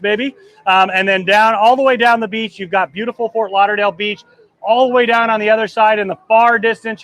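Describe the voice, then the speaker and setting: High-voiced, overexcited man on a ship deck. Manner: excited, emotional, rambling. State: trembling, choked up. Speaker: travel agency host. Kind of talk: live vlog commentary. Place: outdoors on a cruise ship deck.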